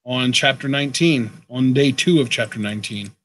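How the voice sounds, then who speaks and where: A man's voice: mid-range voice, normal speed, fairly bright tone. A man co-hosting a live wrestling reaction, playfully teasing his co-host.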